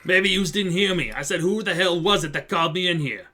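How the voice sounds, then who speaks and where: A man voicing a brash, hot-tempered loan-shark thug in a video game, talking loud, gruff and ungrammatical. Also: mid-range voice, steady tone, brisk, lightly acted. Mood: blustering. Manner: loud, gruff, threatening, ungrammatical street talk. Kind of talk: reading game dialogue aloud.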